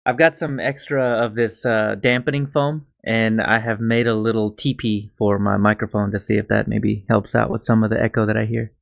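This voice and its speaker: A man's voice: fairly low pitch, flat delivery, moderate pace, creaky, few pauses. Matter-of-fact podcast co-host man. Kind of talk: casual pre-show chat.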